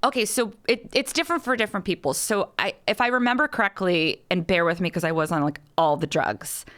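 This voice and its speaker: A woman, a podcast guest, telling a rambling, animated story in casual chat with many restarts. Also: medium pitch, fairly quick.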